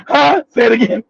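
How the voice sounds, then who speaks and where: A man tells a profane, animated story on a live talk show, laughing and shouting now and then. His voice is very high, gravelly and husky. The sound is dry and dull, like a lo-fi stream. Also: no room sound. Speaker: show host.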